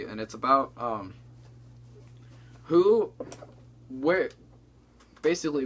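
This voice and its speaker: A young man co-hosting a casual comedy chat, tossing in quick jokes. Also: mid-range voice, fairly bright tone, a little hiss or hum. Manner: quick joking interjections. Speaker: co-host.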